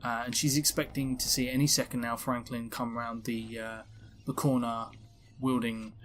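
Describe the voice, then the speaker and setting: A man's voice: medium pitch, level tone, moderate pace, fairly bright tone, a little hiss or hum. A man, a tabletop game player, casually thinking aloud about his character's moves. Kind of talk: describing his character's actions.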